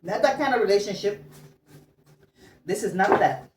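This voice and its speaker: A woman reads tarot for a casual love reading, chatty and blunt, using slang, swearing, and laughing as she goes. Her voice is medium in pitch with lively intonation at a normal speed. The recording sounds roomy, with a distant mic and faint noise.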